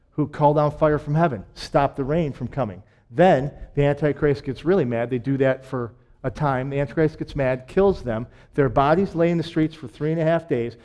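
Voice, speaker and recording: A man's voice: a little high, darkish tone. A man preaching a sermon in a conversational way, with self-deprecating jokes and emphatic repetition.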